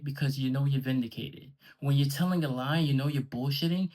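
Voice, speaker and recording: A man with a slightly higher-pitched voice talks straight to the camera in a taunting callout rant. His tone is sarcastic and mocking, and he swears freely. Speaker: online league owner.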